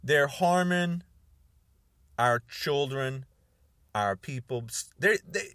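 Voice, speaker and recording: A man's voice: mid-range voice, slow pace, long pauses, a bit bright, clean tone, no echo, studio quality. A man of about sixty delivering a heated monologue to camera, repeating words for emphasis and stretching out key words. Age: 60s. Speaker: video blogger.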